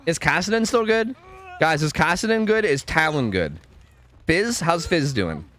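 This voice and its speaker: A man's voice: a little high, big pitch swings, unhurried, fairly bright tone. A young man streaming a game, chatting casually and rambling through answers to chat, often stumbling and repeating words.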